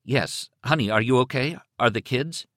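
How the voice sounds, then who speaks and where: A man's voice: mid-range voice, normal speed, fairly bright tone, no echo, clean studio sound, voice pushed up, close to an everyday voice. A man voicing a frightened man who talks in a tense, clipped way and barks at times. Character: terrified man hiding his fear on a phone.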